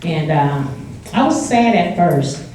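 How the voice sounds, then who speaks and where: An older woman from California tells a family story to a live audience, chatty and laughing as she acts out the quotes. Her voice is low and mellow. She is heard from a distance in an echoing hall with a faint hiss. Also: animated, slow pace. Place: indoor event hall with audience. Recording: echoey hall, far from mic.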